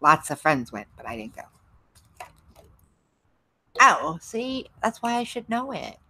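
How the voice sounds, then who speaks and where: A woman's voice: medium pitch, big pitch swings, slow, pushed and bright, slight background noise. A middle-aged woman hosting a livestream, chatting casually with viewers, rambling and laughing often. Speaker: livestream host. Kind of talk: casual chat with live viewers.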